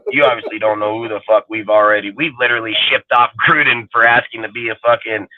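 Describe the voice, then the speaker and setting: A man in his forties, a podcast co-host, rants heatedly and crudely about football, rambling and swearing constantly. His voice is on the low side with fairly even intonation and a fast pace. The recording is dry and tinny, like phone audio.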